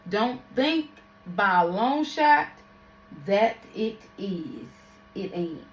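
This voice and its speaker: Slow-talking woman, chatty vlog. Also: mid-range voice, lively intonation, echoey room. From Louisiana. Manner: chatty, laughing, slangy and drawn out. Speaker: makeup artist vlogger. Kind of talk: casual vlog chat.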